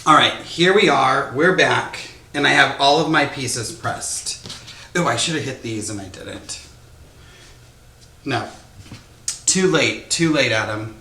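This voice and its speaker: A man teaches quilting in a relaxed, rambling way, thinking aloud and poking fun at himself as he trims fabric. His voice sounds bright and forward. The sewing room is echoey, with a faint hiss underneath. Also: medium pitch, slow pace, pauses often. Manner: chatty, self-deprecating, thinking aloud with fillers. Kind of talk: casual sewing tutorial. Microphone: microphone close to his face.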